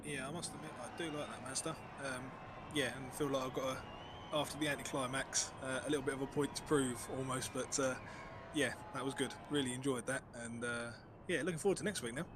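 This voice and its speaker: Quiet distant driver over noisy chat. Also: male voice, mid-range voice, fairly even intonation, brisk. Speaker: race driver interviewee. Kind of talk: casual post-race chat.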